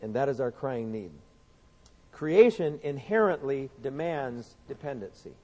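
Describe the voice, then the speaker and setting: A man's voice: mid-range voice, animated, unhurried, warm tone, long reverb tail. A man preaching a sermon in an earnest storytelling manner, often repeating words as he goes.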